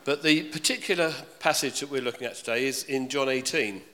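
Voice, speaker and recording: Bright-voiced preacher in a hall. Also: male voice, medium pitch, fairly quick. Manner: conversational, asks the congregation questions. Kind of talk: sermon. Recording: reverberant hall.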